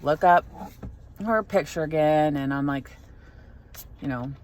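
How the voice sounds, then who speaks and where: A woman's voice: sits low, unhurried, darkish tone. A young adult woman telling a story in a casual vlog, rambling with lots of fillers and restarts. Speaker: vlogger.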